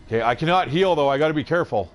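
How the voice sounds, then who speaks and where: A man's voice: fairly high pitch, animated, very fast, soft background music. A man giving casual gameplay commentary, swearing freely and reading the game's text aloud as he plays. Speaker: gaming channel host.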